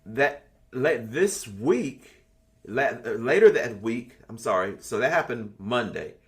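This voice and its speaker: A man's voice: mid-range voice, very animated, slow pace. A man in his sixties leading an online spiritual class, talking casually and bluntly, swearing freely as he tells stories. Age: 60s. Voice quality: blunt, profane, storytelling. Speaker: class leader.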